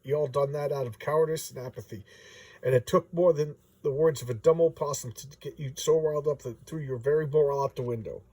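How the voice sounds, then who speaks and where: Stern drawling hillbilly wanderer, read by a man, husky and folksy. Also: on the high side, brisk, a little mellow, no room sound. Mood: scolding.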